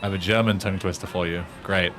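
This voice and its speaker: A man's voice: sits low, fairly even intonation, quick pace, over music. A young British man with a British accent, chatting casually and swearing a lot while streaming a game and stumbling through foreign tongue twisters. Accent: British English. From Britain. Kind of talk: casual gaming stream chat.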